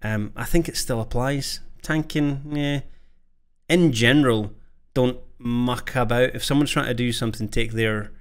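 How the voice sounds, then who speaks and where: A man's voice: mid-range voice, measured pace. Laid-back guy, fighter controller, reacting to his old clip with self-mockery. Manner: relaxed, self-deprecating. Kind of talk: commentary on an old video.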